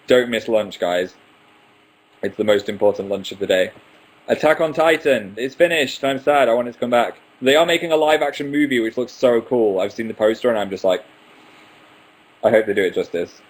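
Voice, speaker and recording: The audio is rough, and the man speaks at normal speed with a medium-pitched voice. A livestream host in his twenties, he goes through viewer questions casually, reading each aloud and answering it with playful asides.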